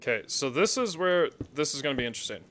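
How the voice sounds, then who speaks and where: A man's voice: on the high side, sing-song, quick pace, fairly bright tone, a little hiss or hum. A man chatting casually while playing a building game, rambling through side stories with plenty of fillers. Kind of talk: casual gameplay chat.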